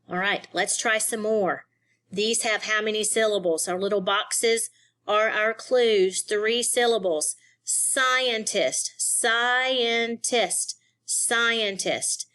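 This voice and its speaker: A woman leads a recorded phonics lesson for young students. She talks at a slow, careful pace and breaks each word into syllables and single letters. Her voice sits in a middle pitch. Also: a bit bright. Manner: slow, deliberate, spells words letter by letter. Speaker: teacher.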